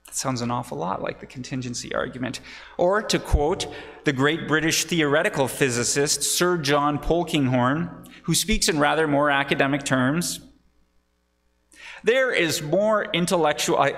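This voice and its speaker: A man's voice: a little high, normal speed, fairly bright tone. A man preaching a sermon to his congregation, teaching as he goes and putting questions to the listeners. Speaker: pastor. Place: church sanctuary. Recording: long church reverb.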